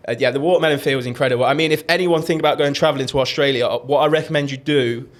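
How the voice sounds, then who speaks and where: A man's voice: a little high, steady tone, very fast. A young man, rambling through travel stories in casual podcast chat and swearing freely. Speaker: podcast co-host.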